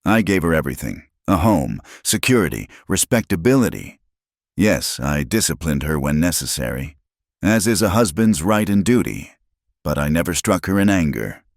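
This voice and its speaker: A man's voice: low voice, big pitch swings, moderate pace, vocal fry, no room sound, studio quality, heavily acted. A man playing a cruel, wealthy husband on trial who moves from pompous dignity to open rage. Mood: self-righteous. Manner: pompous, then shouting in fury. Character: cruel wealthy husband, self-righteous, raging.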